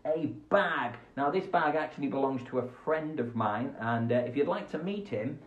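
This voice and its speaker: Speaking at a normal speed in a mid-range voice, a children's radio host streams a live show from his home next to a window. He's animated and goofy, switching between voices and asides, and the phone-camera recording sounds echoey and muffled.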